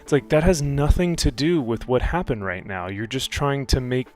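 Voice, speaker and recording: A man hosting a casual chat, talking in a relaxed, hesitant way. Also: medium pitch, moderate pace. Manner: relaxed, hesitant, uses fillers. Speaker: host.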